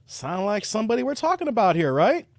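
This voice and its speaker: A man from Chicago hosting a reaction commentary livestream, talking straight to his viewers in a mocking, animated way. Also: high voice, quick pace. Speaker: commentary show host.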